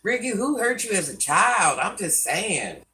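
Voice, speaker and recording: A woman's voice: medium pitch, big pitch swings, unhurried, bright, forceful tone, far from the mic, low-quality recording. An older woman hosting a live stream, scolding commenters by name and chatting with viewers. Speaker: livestream host.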